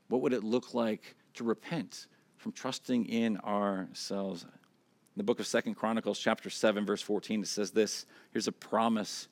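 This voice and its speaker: A man preaching a sermon as pastor, earnest. His voice climbs when he voices prayers and scripture, then drops soft and low on reflective points. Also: fairly even intonation, normal speed, no echo. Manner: earnest, rises in pitch and volume when quoting scripture and prayers.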